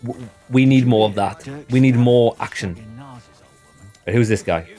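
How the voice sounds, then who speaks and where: A gaming channel host gives chatty, joking commentary as he plays a video game, addressing his viewers as "lads." His mid-range voice is mellow and measured in pace, with soft music playing in the background.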